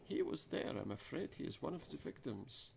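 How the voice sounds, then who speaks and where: A man's voice: medium pitch, very animated, normal speed, gravelly, slight background noise, pitched above the performer's own voice. A man voicing a formal, foreign-accented male scholar in a mystery game, reading his lines in a put-on accent. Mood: grave.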